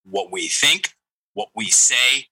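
A man's voice: medium pitch, lively intonation, slow, pushed and bright, dry recording, poor audio. A middle-aged man telling a story as a coaching guest, animatedly acting out the lines of the people in it. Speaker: guest, breathing and language coach. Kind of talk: storytelling interview talk.

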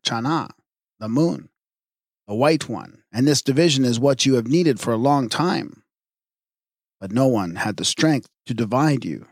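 A man's voice: mid-range voice, no echo, studio quality. A man reading the part of a strong young male hero in a myth, speaking steadily and with command.

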